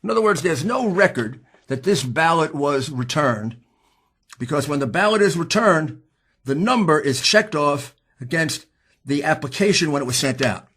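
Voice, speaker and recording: A man with a husky voice giving an impassioned, combative political speech, pushing hard on key words. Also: a little high, expressive, moderate pace. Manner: emphatic, combative, rising to shouts. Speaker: speaker at a political hearing.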